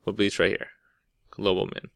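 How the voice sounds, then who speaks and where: Here a man with a low, creaky, fairly bright voice teaches calculus over a whiteboard at a moderate pace and flat delivery. He keeps it casual, frequently saying "right?" and restarting words mid-thought, with no echo.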